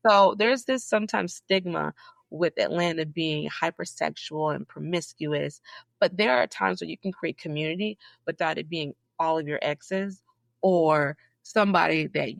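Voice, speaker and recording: Woman, gravel in the voice, dry close sound, emphatic storyteller, interview guest. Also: moderate pace, no room sound. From Southeast Georgia, US. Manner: animated, emphatic storytelling with sudden high, loud peaks. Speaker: podcast guest, librarian. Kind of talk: casual interview conversation.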